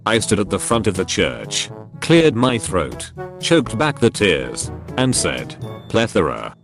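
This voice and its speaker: A man reading a string of jokes as scripted narration, deadpan, dropping lower for punchlines. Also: slow pace, over music. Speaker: narrator reading Reddit posts.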